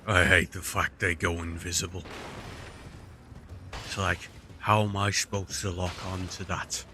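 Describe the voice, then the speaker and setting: A man putting on a gruff, scornful warrior. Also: deep voice, level tone, measured pace, pushed and bright, a little hiss or hum, pitched below the performer's own voice. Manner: growling, contemptuous asides. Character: gruff, honor-bound male warrior, scornful.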